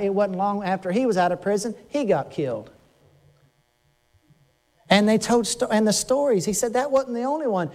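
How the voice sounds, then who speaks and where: An older man preaching a conversational sermon, earnest and emphatic, slowing down to stress his words. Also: sits high, a little mellow.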